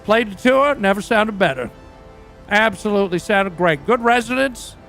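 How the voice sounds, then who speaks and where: A man playing a crude, boastful rock singer who rambles through profane, deadpan tall tales in a game roleplay. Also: sits high, moderate pace, gravelly, soft background music, full character voice. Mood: rambling, crude. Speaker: roleplay character.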